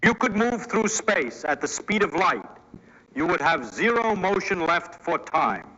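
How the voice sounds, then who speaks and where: Bright-voiced man narrating a science explainer. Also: sits high, sing-song, measured pace, muffled recording. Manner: explanatory, upbeat teaching tone. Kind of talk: scripted narration.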